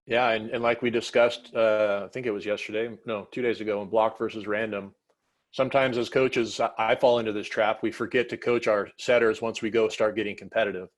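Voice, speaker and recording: A man's voice: lowish voice, steady tone, fairly quick. A man hosting a coaching video call, talking casually and rambling a little as he sets up questions. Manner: casual, rambling, self-correcting. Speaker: host and volleyball coach. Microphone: video call mic.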